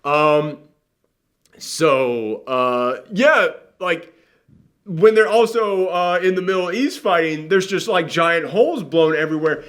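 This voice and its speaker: A man's voice: fairly high pitch, takes it slowly, a bit bright. A man hosting a casual movie reaction chat, ranting sarcastically with lots of fillers.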